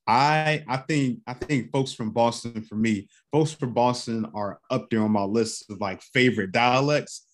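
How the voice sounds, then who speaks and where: Relaxed, folksy man hosting a podcast. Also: medium pitch, unhurried, few pauses. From North Carolina. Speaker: podcast host. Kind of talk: casual conversation.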